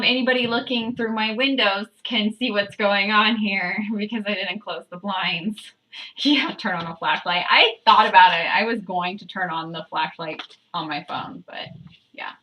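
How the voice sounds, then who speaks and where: A woman's voice: mid-range voice, unhurried, lo-fi sound. A woman vlogger reading a book aloud, breaking off with chatty, giggly asides. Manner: chatty, self-interrupting, giggly. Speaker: channel host.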